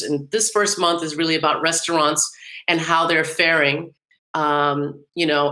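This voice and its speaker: A woman hosts a casual podcast, her low voice still ringing bright and forward. She chats loosely, wandering through her points with fillers and little laughs. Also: low-quality recording. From New York / New Jersey area. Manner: chatty, rambling with fillers and occasional laughs. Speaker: podcast host.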